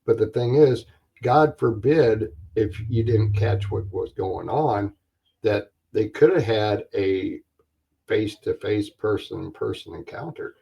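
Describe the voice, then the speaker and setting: A man hosting a talk show, speaking plainly and a little haltingly as he chats with his guest. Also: on the low side, lively intonation, gravelly, warm tone, husky. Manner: plain-spoken, halting, with fillers. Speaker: host. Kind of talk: casual interview chat. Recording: dull lo-fi audio.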